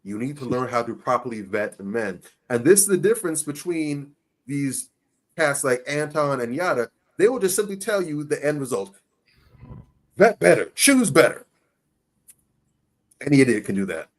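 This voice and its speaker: A man's voice: medium pitch, sing-song, normal speed. Emphatic man giving blunt advice. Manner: emphatic, preachy, rhetorical questions. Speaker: podcast host. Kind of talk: casual podcast commentary.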